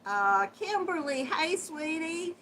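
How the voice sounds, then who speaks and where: A woman's voice: high-pitched, slight background noise. A middle-aged woman, hosting a casual livestream and greeting viewers with sweet endearments and frequent laughs. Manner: warm Southern endearments, chatty, laughs often. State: runny nose. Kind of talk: casual live chat.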